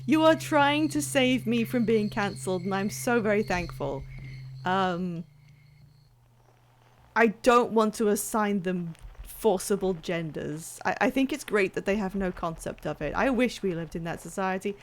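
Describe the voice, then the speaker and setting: A woman's voice: mid-range voice, measured pace. A woman streaming a video game, chatting casually with her viewers, swearing, laughing and reacting as she plays. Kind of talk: casual gameplay commentary.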